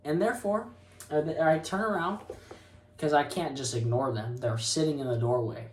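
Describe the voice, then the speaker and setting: A young man in his twenties telling a story to camera in a casual, animated, self-mocking way, laughing often. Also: a little high, moderate pace, a little hiss or hum. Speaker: co-host of a couple's channel. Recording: roomy sound, mic a bit far.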